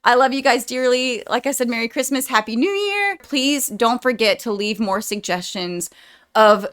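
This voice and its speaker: A young woman vlogging a movie reaction, chatting casually to her viewers in a rambling, heartfelt way with lots of "like.". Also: mid-range voice. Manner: rambling and chatty, says "like" often; warm and heartfelt toward viewers.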